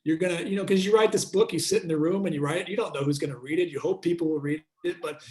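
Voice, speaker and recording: A man's voice: a little high, fast talker, a little mellow, echoey room. A man hosting the conversation, reflecting thoughtfully on what the guest said. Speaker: interviewer host. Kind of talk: conversational interview.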